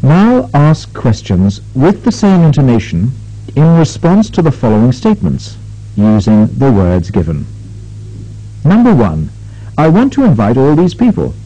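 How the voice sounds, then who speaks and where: A man instructing a recorded pronunciation drill, speaking slowly and carefully with exaggerated intonation. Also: mid-range voice, wildly swooping pitch, mellow. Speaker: language lab instructor. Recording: dull lo-fi tape recording.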